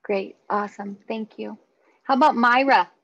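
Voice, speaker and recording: Woman, meeting host, slightly high voice, brisk and friendly, dry dull audio. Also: a bit bright, dry recording. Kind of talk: hosting an online meeting.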